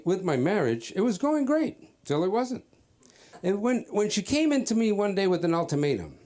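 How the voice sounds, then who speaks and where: On a comedy club stage, a man from Cape Verde performs an open-mic stand-up set, telling a story and doing the voices of its characters. His voice is slightly high and a little mellow.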